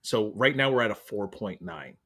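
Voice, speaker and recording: Bright-voiced wry podcast host. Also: male voice, fairly low pitch, moderate pace, slightly rough. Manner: wry, swearing, animated. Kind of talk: casual chat.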